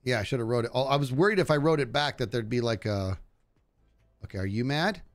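A gaming streamer talks quickly in a mid-range voice while live-streaming a video game. He chats casually, animated and jokey, poking fun at the on-screen enemies as he plays.

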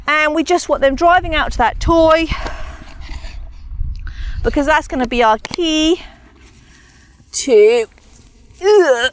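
A woman's voice: high voice, slow pace, long pauses, slight background noise. A woman dog trainer giving a chatty, casual training demonstration, talking to her dogs between explanations.

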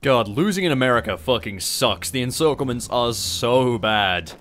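A man with an Australian accent giving casual, sweary, excitable commentary while playing a strategy game on a close mic. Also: mid-range voice, moderate pace, soft background music. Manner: sweary, excitable, sarcastic asides. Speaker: gaming YouTuber.

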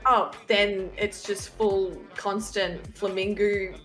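A woman's voice: medium pitch, flat delivery, slow, fairly bright tone. A woman, a guest in a casual stream podcast, bubbly and playful, swearing casually. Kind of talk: casual chat. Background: faint music.

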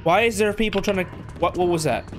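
A young man giving excitable let's play commentary on a game, jumpy and shouting when startled. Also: sits high, quick pace, background noise. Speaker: gaming video host. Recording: loud game sound under voice.

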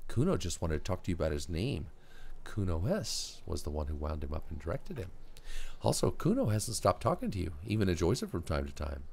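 A man's voice: deep voice, big pitch swings, fairly quick, vocal fry, darkish tone, a little hiss or hum. A man playing a game, reading its text aloud and muttering skill names. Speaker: gamer.

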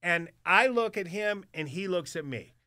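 A man's voice: high voice, moderate pace, dry recording, studio quality. A man telling wild stories in a casual chat, cursing freely and acting out the other people's voices. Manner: swearing, animated, acts out voices in his stories. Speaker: guest storyteller. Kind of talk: casual storytelling on a podcast.

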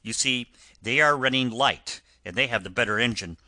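A man's voice: medium pitch, moderate pace, pushed and bright, no echo. A man voicing a stern but kind-hearted engine driver who talks firmly in an audiobook reading. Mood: instructing. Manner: firm, instructing. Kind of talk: audiobook character voice.

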